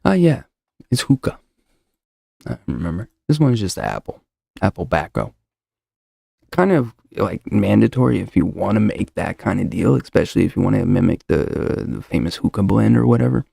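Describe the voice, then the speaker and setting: A man's voice: fairly low pitch, big pitch swings, moderate pace, vocal fry, dark tone, husky, no room sound, studio quality. A man hosting his own show, chatting casually into a desk mic, rambling and joking as he goes. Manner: rambling, joking, talks over himself. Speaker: show host. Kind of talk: casual solo podcast chat. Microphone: desk mic with noise suppressor.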